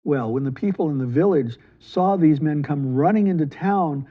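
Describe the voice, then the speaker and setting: Male children's storyteller, high-pitched, animated delivery, muffled lo-fi audio. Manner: lively, animated, switches into quick character voices. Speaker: library storyteller.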